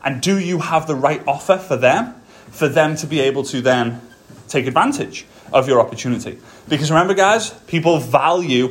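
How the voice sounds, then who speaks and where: A man hosting a motivational podcast, talking straight to his listeners in an emphatic coaching manner, a little out of breath. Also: mid-range voice. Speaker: podcast host.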